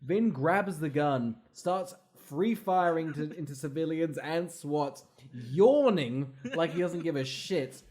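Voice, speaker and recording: Higher-pitched man, animated podcast co-host. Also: slow, few pauses. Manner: animated, profane, recaps scenes with laughing asides. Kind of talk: casual film-review chat.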